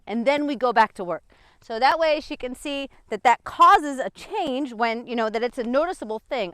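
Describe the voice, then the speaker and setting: Lively chatty woman dog trainer outdoors. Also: moderate pace, clean tone, no room sound. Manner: chatty, swings up high for dog praise. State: out of breath. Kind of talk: explaining training while walking a dog. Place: outdoors, walking.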